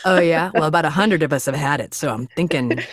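A middle-aged woman in casual conversation, telling a story fast and with energy and acting out the voices of other people. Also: deep voice, no echo, studio quality. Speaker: interview guest.

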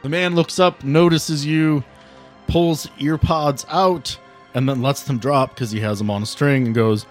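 A man's voice: fairly high pitch, steady tone, measured pace, soft background music. Man narrating as game master. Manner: loose, joking narration.

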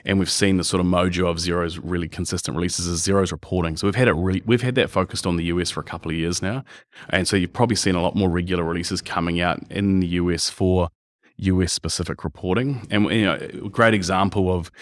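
A middle-aged man with a New Zealand accent, a podcast guest talking quickly and energetically, restarting his sentences often. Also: deep voice, dry recording, studio quality. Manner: rapid, energetic, lots of restarts. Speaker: podcast guest, software executive. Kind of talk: conversational interview.

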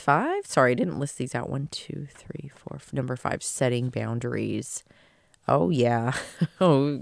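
A woman's voice: a bass voice, vocal fry, darkish tone, no room sound, studio quality. A woman giving earnest, rambling life advice in a casual monologue, emphatic and now and then swearing. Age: adult, past early career. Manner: earnest, rambling, emphatic, with fillers and the odd curse.

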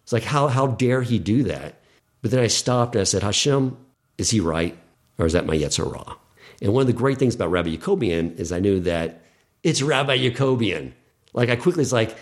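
A man's voice: fairly low pitch, lively intonation, moderate pace. A middle-aged man, a podcast guest, earnestly telling a personal story in casual conversation and acting out the dialogue he quotes.

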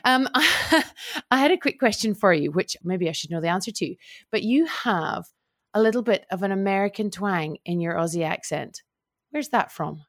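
A woman's voice: medium pitch, expressive, normal speed. A middle-aged woman hosting a podcast, talking in a gushing, enthusiastic and chatty way. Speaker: podcast host. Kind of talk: casual podcast interview.

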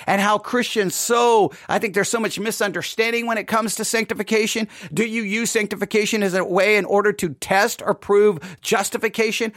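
A woman's voice: a little high, fairly bright tone, no room sound, studio quality. Chatty woman teaching a podcast Bible study. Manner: conversational, keeps checking in with "right?". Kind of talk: casual podcast Bible lesson.

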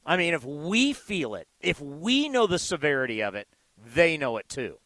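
A man's voice: fairly high pitch, sing-song, normal speed, bright, forceful tone, dry recording, poor audio. A man hosting a postgame sports call-in radio show, speaking emphatically and repeating his points. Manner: emphatic, repetitive, promotional.

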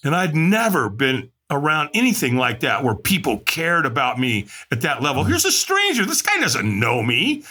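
A middle-aged man recounting his past on a podcast, bright and forceful in tone. He tells it candidly and with plenty of life, jumping up in pitch whenever he acts out what someone said. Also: moderate pace, few pauses, slightly rough. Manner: animated, acts out quoted voices with big pitch jumps. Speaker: podcast guest. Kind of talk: candid storytelling.

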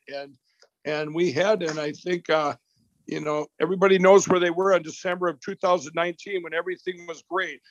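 A man's voice: high-pitched, fairly even intonation, fairly quick, no echo, highs cut off. A man, a company boss interviewed as a guest, talking in a rambling way with many restarts and repeated words. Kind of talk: animated call-in interview.

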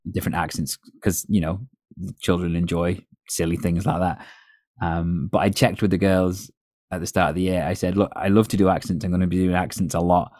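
A low-voiced man with a North West English accent hosts a casual podcast chat. He tells stories at length, laughing now and then. The sound is dry and close. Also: flat delivery, a little fast, darkish tone, no room sound. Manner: storytelling, chatty with laughs. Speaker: podcast host.

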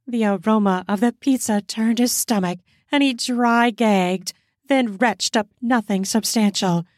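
Woman host narrating erotic audio fiction; unhurried, mid-pitched, dry sound. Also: a little mellow, no echo. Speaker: storyteller and podcast host.

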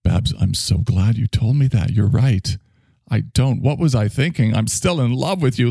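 A man's voice: mid-range voice, normal speed, vocal fry, dark tone, breathy edge, no room sound, studio quality. A man streaming, rambling sarcastically in a comic monologue.

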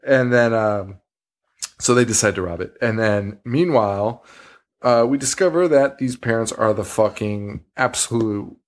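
A man with a lowish voice speaks a little slowly as he co-hosts a horror podcast. He recaps a movie in relaxed conversation, swearing freely, laughing a lot, and performing the characters' lines.

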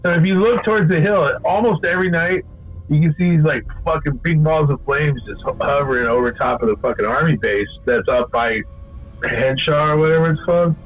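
A man telling a long story in casual chat, rambling and swearing a lot, getting animated when he quotes people. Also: a little high, a little fast, muffled recording.

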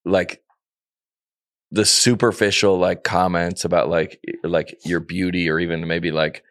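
Deep-voiced male podcast host. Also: flat delivery, a bit bright, dry recording, studio quality. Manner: casual, halting, many fillers. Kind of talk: casual conversation.

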